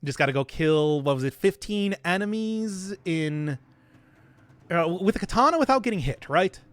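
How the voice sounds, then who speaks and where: Guy streaming a game, kinda high voice, rambles and giggles at chat, bouncy all over the place. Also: animated, normal speed, no room sound. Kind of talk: casual gaming livestream chat.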